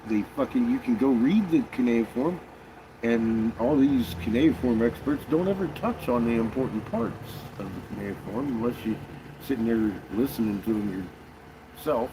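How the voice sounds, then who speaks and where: A man's voice: medium pitch, animated, normal speed, background noise. A man talking casually in a rambling monologue, swearing often and restarting his sentences. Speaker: conspiracy vlogger.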